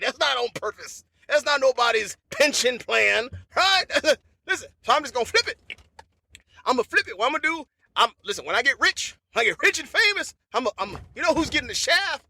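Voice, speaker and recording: A man hosting a comedy podcast, talking in a loose, animated monologue. He repeats phrases and breaks into laughter. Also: extremely high pitch, vocal fry, dry recording.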